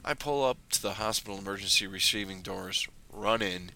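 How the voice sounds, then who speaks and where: A man's voice: low-pitched, a little fast, creaky, pushed and bright, a little hiss or hum. A young man telling a personal story in a dry, wry way, often in short clipped phrases.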